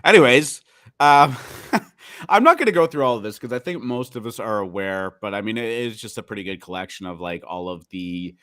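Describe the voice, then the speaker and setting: Low-voiced man with dry, close sound. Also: lively intonation, fairly quick, fairly bright tone, no echo. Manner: rambling, hesitant, many fillers. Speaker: co-host of a crypto news show. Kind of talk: casual chat.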